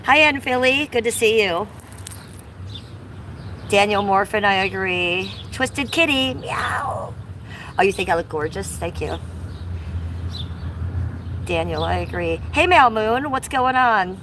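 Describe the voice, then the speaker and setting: A woman's voice: medium pitch, lively intonation, a little slow, long pauses, fairly bright tone, a little hiss or hum, low-quality recording. A woman with a Cleveland accent chatting on a casual livestream outdoors, a little out of breath from biking, reading chat comments aloud. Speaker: livestream host. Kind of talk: casual live-stream chat. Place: outdoors by an old church. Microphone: chest-harness phone.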